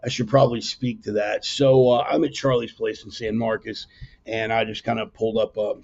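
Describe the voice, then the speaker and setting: A man's voice: fairly low pitch, flat delivery, moderate pace, a little mellow, lo-fi sound. A man hosting his show casually from a dining room table, rambling and brash, with frequent self-corrections. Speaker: podcast host. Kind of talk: casual livestream commentary. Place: dining room in a private home. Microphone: laptop.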